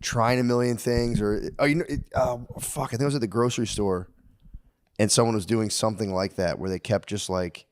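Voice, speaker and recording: A man's voice: lowish voice, fairly even intonation, a little fast, slight background noise. A man in his thirties co-hosting a podcast, telling profane, exasperated stories in casual chat. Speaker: podcast co-host.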